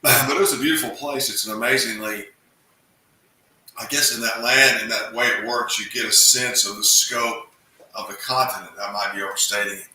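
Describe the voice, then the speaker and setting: A man's voice: mid-range voice, fairly even intonation, normal speed, pushed and bright. A man hosting an interview, telling stories and asking his guest friendly questions in a casual chat. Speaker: host and interviewer. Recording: very echoey room, distant mic, faint noise.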